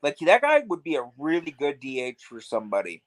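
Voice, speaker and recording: Swooping wildly in pitch, this co-host of a casual baseball watch-along podcast talks a little fast in a slightly high voice, filling his loose chatter with "like." The audio is rough but has no echo.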